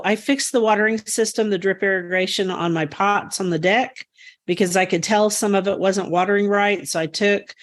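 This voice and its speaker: A woman co-hosting a gardening podcast, telling rambling, enthusiastic stories about her garden. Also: on the low side. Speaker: podcast co-host. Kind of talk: casual chat.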